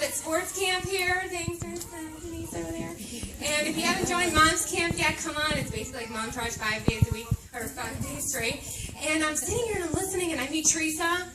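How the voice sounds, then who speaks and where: A woman in her thirties giving a heartfelt, emotional faith testimony to a group in a meeting room. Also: very high voice. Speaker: speaker sharing her testimony. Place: meeting room at a moms' camp. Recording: echoey room, distant mic, background noise.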